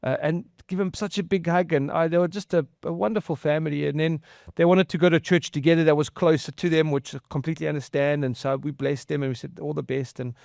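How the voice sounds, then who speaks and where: A man preaches a conversational sermon, his voice sitting high for a man. He talks in an earnest, halting way, stumbling over and repeating words as he goes. The sound is dry, with no room echo. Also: fairly even intonation, creaky, darkish tone. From outside the US. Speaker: pastor.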